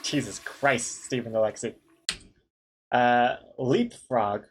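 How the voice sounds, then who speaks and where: Man, casual streamer, jokey, reads chat aloud, laughs a lot, middle pitch. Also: slow, slight background noise. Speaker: streamer reading viewer suggestions.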